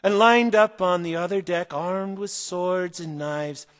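A man's voice: high-pitched, fairly even intonation, unhurried, a bit bright, big-room sound. A man reading a rhyming children's story aloud in a theatrical, sing-song manner.

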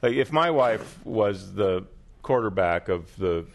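A man panelist on a comedy quiz show, joking in a halting way with many restarts. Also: on the low side, animated, creaky, a little hiss or hum. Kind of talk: comic panel banter.

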